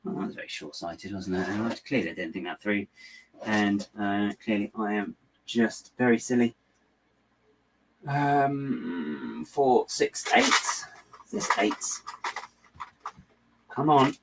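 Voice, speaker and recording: A low-voiced man chats loosely while snapping bricks together, his talk wandering and self-mocking. He chuckles easily. A steady background noise sits under the recording. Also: a little slow, vocal fry. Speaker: LEGO builder and channel host. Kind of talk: casual chat while building, replying to viewers.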